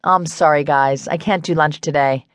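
A woman's voice: deep voice, steady tone, moderate pace, no room sound, close to an everyday voice. A woman voicing a nosy, teasing woman who works as a stylist, with a playful, prying manner, in an audiobook.

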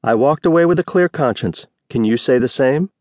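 A male narrator voicing a tough, sharp-tongued woman ex-SWAT officer in a cold, cutting, profane manner. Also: mid-range voice, expressive, brisk, no room sound, clean studio sound, close to an everyday voice.

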